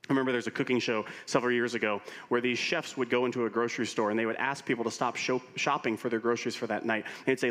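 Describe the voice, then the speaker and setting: A man preaching as a pastor, telling stories with humor in an animated way. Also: mid-range voice, rapid-fire, hardly any pauses. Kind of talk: sermon. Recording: long reverb of a large hall.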